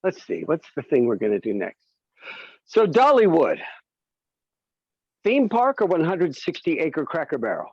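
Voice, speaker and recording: A man's voice: fairly high pitch, wildly swooping pitch, measured pace, long pauses, a little mellow, slightly rough, dry recording, lo-fi sound. A man doing a stand-up comedy set, telling stories and slipping into silly voices.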